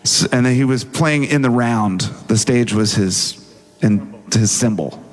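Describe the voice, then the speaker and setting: A man telling a story in a casual interview, animated and full of swearing, acting out what people said. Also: medium pitch, a little slow, faint music behind. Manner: animated, profane, acts out quoted dialogue. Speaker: interview guest.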